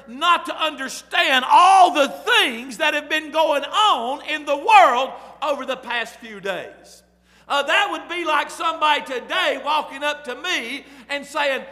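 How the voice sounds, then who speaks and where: A man preaching a sermon in a very high, sharply bright voice. He breaks into loud, emphatic bursts, and his words ring out with the long reverb of a large hall. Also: very animated, measured pace.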